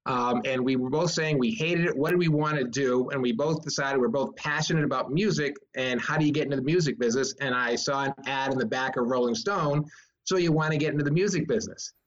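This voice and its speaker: A man from the US East Coast, a guest on a podcast, telling stories in a rambling, halting way with many restarts. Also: medium pitch, steady tone, highs cut off. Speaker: guest, filmmaker and author. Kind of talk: casual interview chat.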